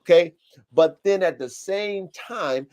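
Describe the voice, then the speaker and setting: High pitched dude hosting a podcast over a stream call, loud slangy, swears a lot, acts out customers. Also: male voice, slow pace. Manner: animated, slangy and profane, acts out quoted customers. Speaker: podcast host. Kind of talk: casual podcast chat. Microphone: live-stream call setup.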